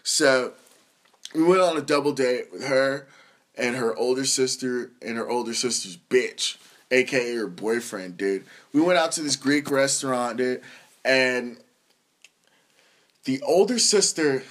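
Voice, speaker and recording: A young man hosting a podcast, telling comedic stories in a profane, animated way and laughing as he goes. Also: medium pitch, unhurried. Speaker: podcast host. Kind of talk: comedic storytelling monologue.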